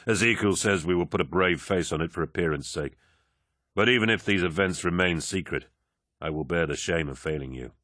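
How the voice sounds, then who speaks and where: A man's voice: deep voice, fairly quick, fairly bright tone, no echo, clean studio sound. A man reading an audiobook, voicing a troubled male soldier captain who speaks earnestly and in a subdued way. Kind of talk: audiobook character voice.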